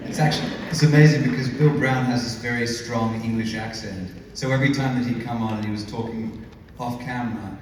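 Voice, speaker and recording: A man's voice: medium pitch, brisk, distant mic. A male actor chatting on a convention panel about long night shoots. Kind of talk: panel talk. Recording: echoey convention hall with noise.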